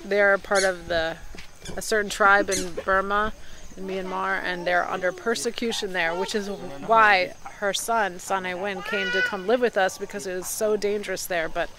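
A woman's voice: mid-range voice, fairly even intonation, moderate pace. A woman in her thirties vlogging with her family, chatting to the camera and encouraging her children, outdoors on a trail and then in a kitchen. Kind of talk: casual vlog narration and chat with kids. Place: outdoors on a jungle path, then a home kitchen. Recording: handheld vlog audio with noticeable background noise.

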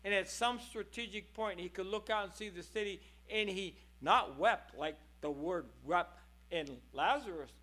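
A man with a high, bright, ringing voice preaching a sermon in a church. He is impassioned, dropping to a hush and then rising to loud cries. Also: unhurried. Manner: impassioned, swings between hushed and loud.

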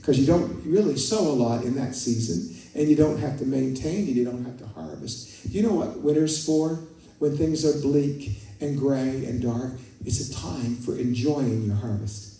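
In a church sanctuary, a male pastor speaks at normal speed in a warm, mid-range voice. He preaches conversationally, telling stories and calling out to his listeners, and rises to fervent prayer. The recording is distant and echoey.

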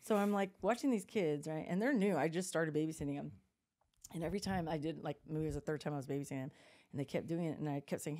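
A middle-aged woman hosts a podcast and tells family stories in a casual chat. Her voice is warm and mellow and sits a little low. She acts out the other people in her quotes. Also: fast. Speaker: podcast host.

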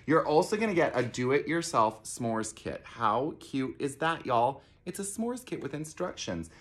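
A man's voice: medium pitch, very animated, measured pace, fairly bright tone. A man directing a theater camp, gushing and theatrical as he unboxes a gift box in a promotional video.

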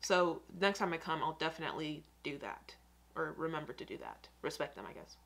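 Low-voiced American woman reacting casually. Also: animated, brisk, vocal fry, a bit bright. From United States. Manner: chatty, rambling, self-mocking asides. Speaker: reaction video host.

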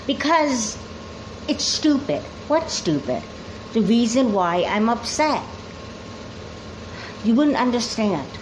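A woman's voice: on the high side, very animated, takes it slowly, pauses often, background noise. Christy, a guarded, defensive girl, voiced by a woman. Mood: upset. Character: moody, secretive young girl. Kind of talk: doll movie voice acting.

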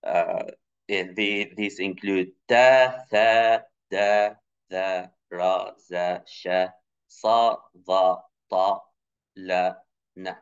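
A man's voice: fairly even intonation, drawn-out words, clear, resonant tone. A man giving an academic conference talk, explaining slides with many fillers and restarts. English is not his first language; he grew up speaking Tunisian Arabic. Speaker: conference presenter. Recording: muffled low-fidelity recording.

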